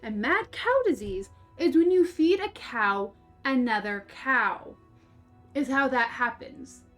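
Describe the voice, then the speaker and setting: A woman's voice: high voice, animated, slow, fairly bright tone, soft background music. A young woman streaming a game, rambling through a story in casual chat, laughing and swearing freely. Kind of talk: casual storytelling while playing.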